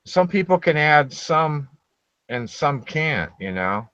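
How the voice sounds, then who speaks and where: A man's voice: fairly high pitch, big pitch swings, takes it slowly, a bit bright, clear, resonant tone, dry recording. A man hosting a casual group call, talking bluntly with teasing, crude banter. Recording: dull lo-fi online call audio.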